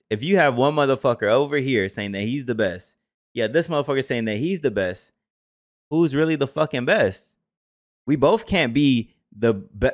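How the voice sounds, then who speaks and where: A man's voice: mid-range voice, moderate pace, no echo, clean studio sound. A man co-hosting a reaction show, talking bluntly and profanely in casual chat. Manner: blunt, profane, trails off quietly.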